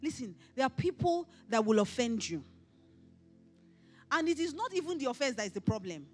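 A middle-aged woman pastor with a Nigerian accent, preaching emphatically at a conference and often raising her voice to a shout. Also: high voice, normal speed, soft background music. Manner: emphatic, animated preaching with rising shouts and mimicry. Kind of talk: conference sermon. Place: conference hall.

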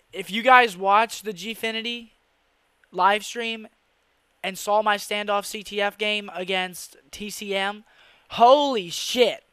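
Young man, gaming commentary, high voice, sharp bright tone, excitable, swears constantly. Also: clean tone, no echo. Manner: excitable, swears a lot, rants and laughs. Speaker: gaming YouTuber. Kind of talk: casual gameplay commentary.

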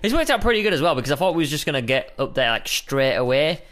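A man's voice: on the high side, big pitch swings, fast talker, a bit bright. A young man chatting playfully while co-hosting a Minecraft let's play, often calling his partner mate. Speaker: gaming co-host.

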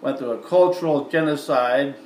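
A man's voice: medium pitch, normal speed, darkish tone, a little hiss or hum. A man from the American Midwest with a Midwestern accent, rambling chattily to viewers in a casual vlog monologue. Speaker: vlogger. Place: indoor room with lights. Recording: roomy echo, from far off, faint ambience.

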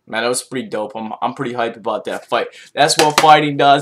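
A young man talks off the cuff in a loose, rambling way. He is slangy and excitable, cursing freely, and his voice sits at an ordinary middle pitch. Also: normal speed, slight background noise. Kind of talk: casual vlog rant.

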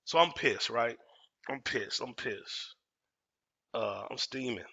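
A man's voice: medium pitch, takes it slowly, vocal fry, pushed and bright, slightly rough. A man from Dallas telling a personal story in casual, emphatic talk, repeating phrases and using street slang. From Dallas, Texas. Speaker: storyteller host.

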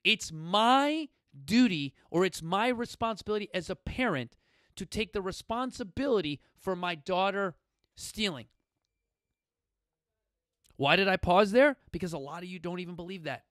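A man in his forties with a slightly higher voice delivers a motivational story straight to the audience. His delivery is emphatic and blunt, swinging from loud bursts to quiet asides, and it is recorded close and dry with no room sound. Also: expressive, normal speed, dry recording. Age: 40s. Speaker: gym founder and podcast host. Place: coastal Southern California gym studio.

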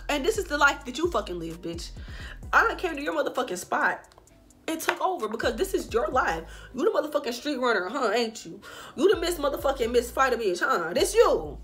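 Animated, foul-mouthed young woman storyteller. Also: sits high, a little fast, faint music behind. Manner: animated, profane, talks straight to viewers. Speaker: vlogger. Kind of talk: storytime vlog.

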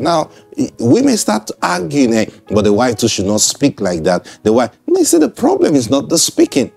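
A man's voice: mid-range voice, huge pitch swings, normal speed, vocal fry, few pauses, a little mellow, husky, soft background music. A man preaching in a broadcast sermon. He speaks conversationally, repeats himself and checks in with listeners.

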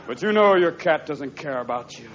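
High-voiced man doing rapid stand-up comedy. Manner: rapid animated delivery, jumping into character voices. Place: live comedy stage before an audience. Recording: muffled live recording, crowd laughter and noise.

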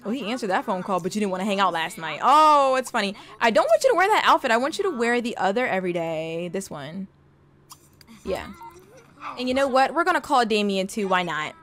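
A young woman giving casual, slangy gameplay commentary, talking straight to her game character and breaking into excited exclamations. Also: medium pitch, a little fast. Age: young adult. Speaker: gaming video host.

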